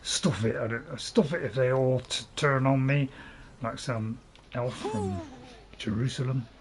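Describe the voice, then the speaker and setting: On his own channel, a man narrates gameplay to himself in an unhurried, medium-pitched voice, with a little hiss or hum in the recording. His let's-play commentary rambles chattily, punctuated by frequent chuckles.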